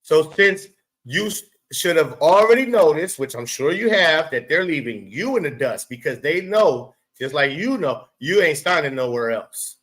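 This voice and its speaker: A man with a fairly high speaking voice delivers a casual commentary rant as host of his own show. He is profane and emphatic, and he addresses the subject of his talk directly. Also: sing-song, moderate pace, fairly bright tone, poor audio. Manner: profane, emphatic, talks straight to the person he discusses.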